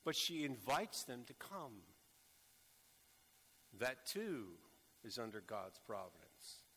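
A man preaching a sermon, speaking slowly and deliberately with bursts of urgent emphasis. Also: mid-range voice, sing-song, gravelly, bright, forceful tone, a little hiss or hum. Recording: echoey hall with long reverb.

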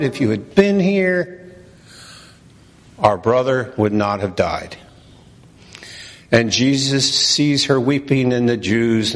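A man preaching a sermon as pastor, slow and emphatic, asking and answering his own questions. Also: medium pitch. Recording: long reverb of a large hall.

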